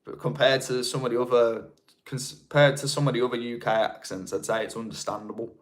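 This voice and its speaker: Male streamer, Birmingham accent, casual and chatty, mid-pitched voice. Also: fairly even intonation, a little fast. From England. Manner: chatty, rambling, with frequent restarts. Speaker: livestream host. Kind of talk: casual live-stream chat reading comments.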